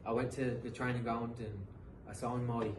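A thirties-aged English footballer, guesting on a casual interview, recounts his football journey with earnest, motivational energy, frequently restarting as he talks loosely. His voice holds a medium pitch, level tone and moderate pace, captured on a distant mic in an echoey room over faint noise.

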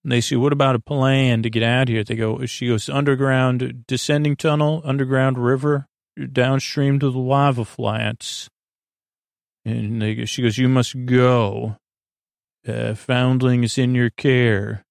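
Gravelly, flat-voiced man recapping casually. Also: medium pitch, normal speed, no room sound, studio quality. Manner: rambling, many filler uhs, paraphrases scene dialogue loosely. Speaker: podcast host.

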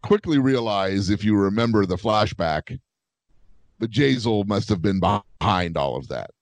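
A man with a very low, deep voice in relaxed podcast conversation. He adds details to the recap and agrees often, heard dry and close with no room echo. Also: unhurried. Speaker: podcast co-host. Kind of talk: casual chat.

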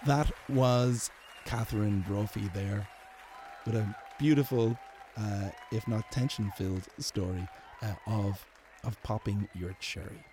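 A man hosting a storytelling podcast, relaxed and a little hesitant as he introduces stories. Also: on the low side, a little slow, a crowd in the background, background noise. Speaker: podcast host.

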